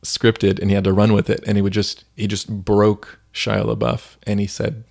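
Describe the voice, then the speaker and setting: Guy on a faith podcast, low gravelly voice, rambly storytelling w lots of "like"s. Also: little pitch movement, moderate pace, darkish tone. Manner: storytelling, many fillers like "like". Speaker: podcast co-host. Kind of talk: casual faith podcast chat.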